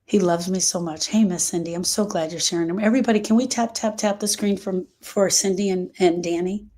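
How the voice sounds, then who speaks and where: A woman's voice: fairly low pitch, fairly even intonation, a little fast, dark tone. Grief-coach host, woman, live-stream talk, repeats key points for emphasis. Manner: emphatic, repeats phrases, reads viewer comments aloud. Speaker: grief coach hosting a livestream.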